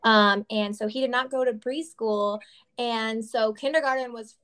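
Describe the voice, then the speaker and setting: A woman chatting casually as a podcast co-host, animated, laughing often and acting out her family's voices. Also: a little high, normal speed, smooth. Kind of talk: casual chat.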